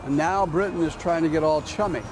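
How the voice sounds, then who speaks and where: A man's voice: fairly high pitch, fairly quick, lightly acted. A man playing a blustering, crude older American patriot in a comedy clip. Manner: bombastic, crude, ranting. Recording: clip with loud music behind. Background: loud music.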